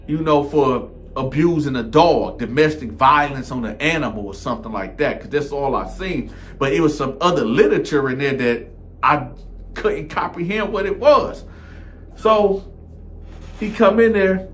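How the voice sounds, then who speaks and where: Male storyteller with a high-pitched voice, loose and animated delivery. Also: normal speed, soft background music. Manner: animated, conversational, repeats "man" often. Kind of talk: casual storytelling.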